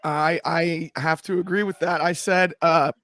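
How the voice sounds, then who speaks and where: A man's voice: a little high, fairly even intonation, a little slow, a bit bright. A man hosting a casual wrestling watchalong, upbeat and chatty, laughing easily. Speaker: host.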